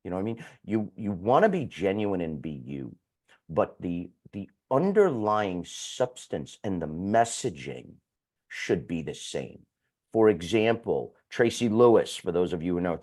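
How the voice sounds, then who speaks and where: A man speaking as a guest sales coach who talks fast, bluntly and with some swearing. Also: fairly low pitch, darkish tone. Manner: fast-talking, blunt and profane.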